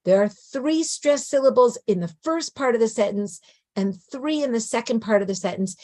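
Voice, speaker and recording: A woman's voice: fairly high pitch, animated, moderate pace, dark tone. A middle-aged native English-speaking woman giving a conversational lecture, often checking in with a rhetorical "right?". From English-speaking country. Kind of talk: lecture on biblical poetry.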